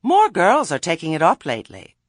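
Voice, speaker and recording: A man's voice: high-pitched, wildly swooping pitch, brisk, dry recording, clean studio sound, pitched above the performer's own voice, heavily acted. A man voicing a polite, formal older woman witch speaking for a committee. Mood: official. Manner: polite, official.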